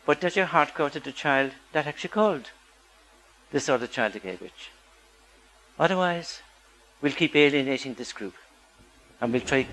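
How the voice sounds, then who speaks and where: A man's voice: on the high side, sharp tone, poor audio. A man giving a public talk as a psychologist, earnest and asking the audience rhetorical questions.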